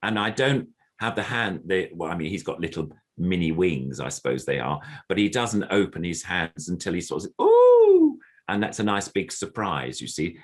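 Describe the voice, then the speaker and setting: An older man, a veteran puppeteer, explaining his craft in an interview over a computer video call and now and then demonstrating little puppet voices. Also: low-pitched. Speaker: puppeteer guest.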